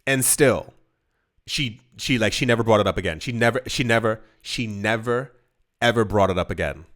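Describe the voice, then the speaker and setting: In a fairly low, slightly bright voice at a moderate pace, a man hosts a casual crypto video addressed straight to camera. He speaks emphatically and repetitively, restarts and stumbles a lot, and voices the people he quotes.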